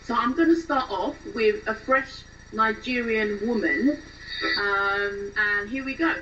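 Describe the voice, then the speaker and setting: Woman, actress, casual intro, hesitant with ums, fairly high voice, dull distant recording. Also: slow pace, pushed and bright, slight background noise. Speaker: actress presenting her character voices.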